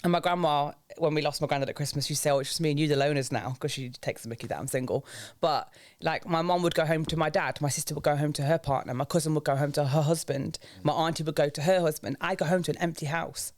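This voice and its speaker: A man's voice: steady tone, quick pace, few pauses. A young man in his twenties from England, talking openly and reflectively as a podcast guest. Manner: open, reflective, speaks of grief in a low earnest tone. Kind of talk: candid personal podcast talk.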